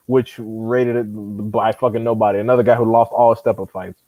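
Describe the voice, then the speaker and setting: A man's voice: medium pitch, fairly even intonation, normal speed, no room sound. A man talks boxing in an exasperated, emphatic way, cursing freely. He sounds like a co-host on a casual podcast. The recording is dry and a bit dull, with little room sound.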